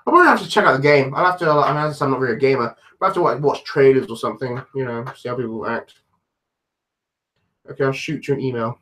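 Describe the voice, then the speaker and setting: On a live stream, a man from London chats casually with a quick pace and a sharp, mid-range voice, speaking with a London English accent. He answers viewers and rambles, restarting often and tossing in self-deprecating asides.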